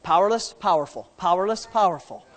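High-voiced man preaching a sermon. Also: a little fast. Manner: emphatic preaching, swings from soft asides to loud shouts; jokes with the congregation. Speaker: pastor.

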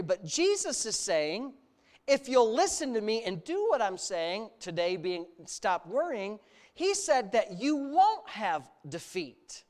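Lively, animated male pastor preaching. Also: high-pitched. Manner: animated preaching, builds with repeated lists. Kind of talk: sermon.

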